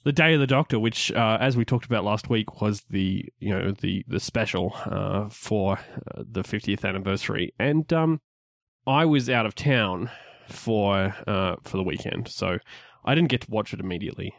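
A man's voice: fairly low pitch, normal speed, gravelly, no echo, studio quality. A man co-hosting a casual geek podcast, opening in an upbeat way, then rambling with many restarts. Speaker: podcast co-host.

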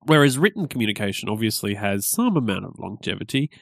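Low-voiced hesitant podcast co-host man. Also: sing-song, fast talker, vocal fry, no echo, studio quality. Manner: thoughtful, hesitant, many fillers. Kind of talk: casual podcast chat.

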